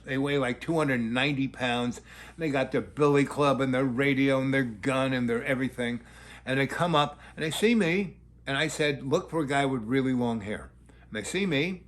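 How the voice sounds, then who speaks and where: An older man with a medium-pitched, slightly bright voice tells a long, rambling anecdote in a relaxed, casual way. He wanders off on tangents and puts on voices for the people in his story.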